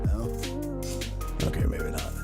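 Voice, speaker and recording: Slow and loud, this man's voice rides over heavy background music as he hosts a casual sports talk livestream. He reads viewer comments aloud and jokes around, animated and playful, his pitch swinging wildly.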